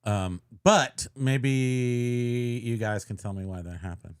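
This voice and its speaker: A man co-hosting a casual podcast, joking and rambling, his voice often trailing off quietly. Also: medium pitch, takes it slowly, clear, resonant tone, dry recording, studio quality. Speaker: podcast co-host. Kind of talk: casual livestream chat.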